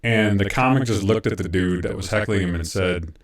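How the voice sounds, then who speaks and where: A man's voice: low-pitched, normal speed, echoey room, recorded from a distance. A man from French Canada co-hosting a podcast, trading crude jokes in casual banter. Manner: joking, crude. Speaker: podcast co-host.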